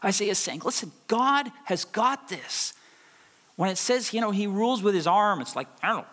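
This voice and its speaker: A man's voice: high-pitched, animated, moderate pace, a bit bright. A middle-aged male pastor preaching a sermon, stressing and repeating key phrases for effect. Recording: long reverb of a large hall.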